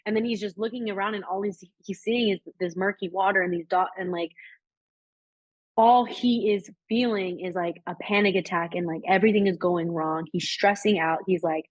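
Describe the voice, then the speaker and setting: A woman's voice: mid-range voice, fairly even intonation, brisk, no echo. A woman co-hosting a podcast, talking casually and rambling with lots of likes and restarts. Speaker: podcast co-host. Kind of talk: casual spiritual chat. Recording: dry, slightly dull sound.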